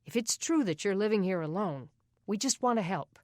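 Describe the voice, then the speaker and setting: A woman voicing a firm middle-aged male sheriff who speaks with calm, level authority. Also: mid-range voice, normal speed, dry recording, clean studio sound, close to an everyday voice. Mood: firm, coaxing.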